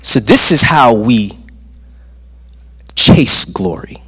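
A man's voice: mid-range voice, lively intonation, very slow, sharp tone, husky. A man preaching a sermon in a church, with an emphatic delivery that rises and falls and repeats phrases for effect. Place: church sanctuary. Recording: long reverb of a large church hall.

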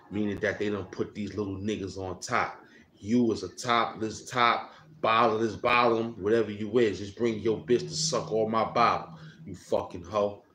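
A man's voice: fairly low pitch, fairly bright tone. A man hosting a casual outdoor live stream, boasting, rambling and slipping into freestyle rhymes. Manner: boastful, rambling, slips into rhyming chants. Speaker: livestream host. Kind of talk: casual livestream banter and freestyle rap. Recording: echoey with faint outdoor noise.

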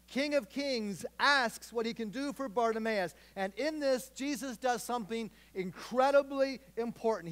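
High-voiced earnest man preaching. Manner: earnest, storytelling, emphatic repetition. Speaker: pastor. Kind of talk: sermon.

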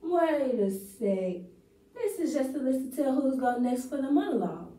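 A woman's voice: high voice, lively intonation, moderate pace, warm tone, reverberant, recorded from a distance, voice pushed up, rough recording. A woman performing a monologue as a breathless, overexcited young woman who thinks she has won a prize. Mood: let down. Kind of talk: rehearsed acting-class monologue.

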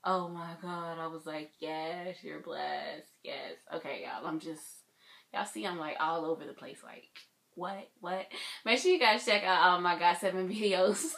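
A woman chatting casually in a reaction vlog, excitable and gushing, with frequent exclamations. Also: fairly low pitch, normal speed. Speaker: YouTuber reacting to music videos.

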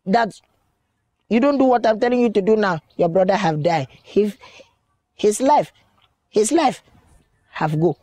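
An actor playing an excitable, blustering comic man. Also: high voice, no echo, exaggerated voice.

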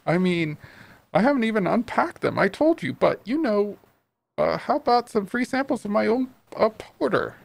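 A man voicing a timid male shopkeeper in a video game, high and jittery, begging and fussing. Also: very animated, normal speed, vocal fry, no echo, heavily acted. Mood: nervous. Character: timid nervous male shopkeeper, pleading and fussy.

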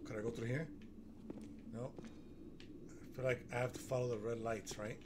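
A man giving nervous, excitable running commentary while playing a horror game, gasping and talking himself through it. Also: mid-range voice, normal speed. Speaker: gaming streamer. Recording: noticeable background noise.

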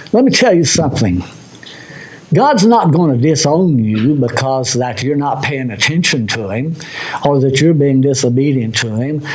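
A man preaching a sermon as pastor, moving between loud, high exhortation and low, quiet asides. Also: a little hiss or hum, rough recording. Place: church sanctuary.

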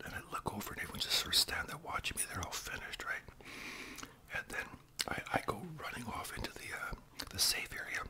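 A man in his sixties, his voice very high-pitched, whispers a long ASMR story. He rambles as he goes and adds tag questions throughout.

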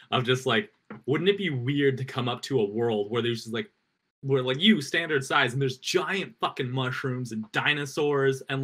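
A man's voice: medium pitch, pushed and bright. A man co-hosting a casual podcast chat about tabletop games, rambling with many fillers and frequent laughs. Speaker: podcast co-host.

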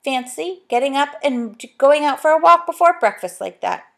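A woman's voice: high-pitched, animated, moderate pace, creaky, fairly bright tone, pitched above the performer's own voice, exaggerated voice. A woman reading a storybook, voicing a mother who chides her children with mild surprise. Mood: surprised.

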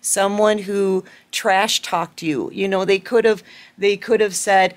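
A woman doing a collective tarot reading, with a voice sitting at an ordinary middle pitch for a woman. She talks to her viewers in an affectionate, chatty way, rambling and circling back over her words as she lays out the cards. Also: steady tone, slow pace. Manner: rambling with many fillers and repeats. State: out of breath. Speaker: tarot reader.

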